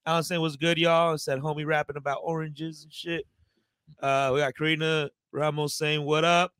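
A man's voice: on the high side, little pitch movement, moderate pace, fairly bright tone, smooth, dry recording. A man co-hosting a casual podcast, reading out viewer comments in a laid-back, joking way.

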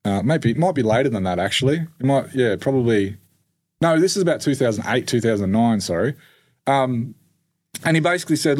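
A man's voice: medium pitch, lively intonation, fairly quick, a little mellow. A man telling his story as a podcast guest, rambling and swearing freely, with lots of fillers. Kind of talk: casual storytelling.

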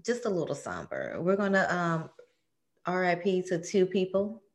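A woman's voice: fairly low pitch, big pitch swings, normal speed. A woman co-hosting a casual chat, playful and laughing often. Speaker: podcast co-host.

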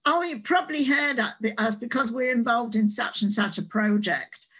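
A woman's voice: fairly high pitch, normal speed, fairly bright tone, slightly rough. A woman voicing a cheerful Australian school staff member with an Australian accent, in a chirpy, eager manner.

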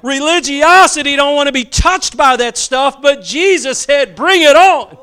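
A man preaching a sermon with passion, building slowly with emphasis and dropping into soft asides. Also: very high voice. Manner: impassioned, swings between slow emphatic build-ups and soft asides.

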